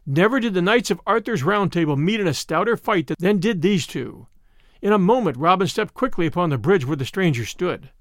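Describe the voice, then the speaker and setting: A man narrating an old-fashioned adventure story in an expressive storytelling manner. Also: sits high, brisk, no room sound, studio quality.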